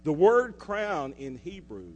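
Slow high-voiced guy preaching in a church, long hall echo, some mains hum in the background. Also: sing-song. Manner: preaching with sharp swings from loud to hushed; asks the congregation questions. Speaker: pastor. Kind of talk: sermon.

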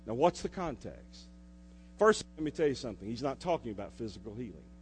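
A pastor preaching a sermon, swinging between loud declarations and hushed asides and putting questions to the congregation. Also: male voice, medium pitch, big pitch swings, fairly quick. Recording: reverberant hall with mains hum.

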